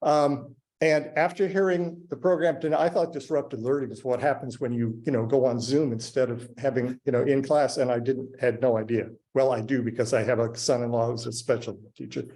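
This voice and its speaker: A man giving halting public remarks to a school board, with many fillers and restarts. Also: medium pitch, steady tone, dark tone. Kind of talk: public comment at a board meeting. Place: public meeting room.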